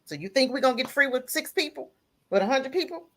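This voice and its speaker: A woman's voice: expressive, fast. A woman calling in to a live talk show, delivering a heated, emphatic rant full of repeated lines. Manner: breaks into laughter and raises voice to near-crying pitch. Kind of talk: impassioned call-in rant.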